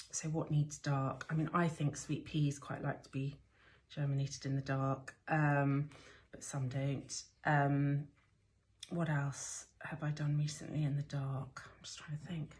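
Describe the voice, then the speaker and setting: A woman chatting casually while showing how she sows seeds indoors, rambling with frequent ums and restarts. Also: sits low. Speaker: gardener demonstrating seed sowing. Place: indoors, sheltering from a rainstorm.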